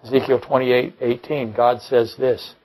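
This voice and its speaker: A man's voice: mid-range voice, steady tone, measured pace, a little mellow, rough recording. A man preaching a sermon to his congregation as pastor, emphatic, with rhetorical questions and dry jokes. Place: church.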